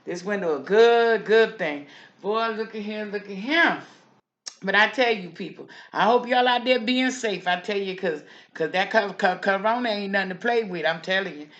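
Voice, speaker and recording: A woman's voice: medium pitch, normal speed, a bit bright, lo-fi sound, close to an everyday voice. A woman playing a gossipy, nosy neighbor lady who watches the street from her window, in a folksy, chatty comic monologue full of repeated asides. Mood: preachy.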